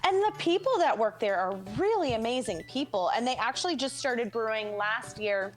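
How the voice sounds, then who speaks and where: A woman's voice: fairly high pitch, animated, moderate pace. Chatty young woman, faint music behind. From United States. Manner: chatty storyteller, frequent fillers. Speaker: podcast guest. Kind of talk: casual chat.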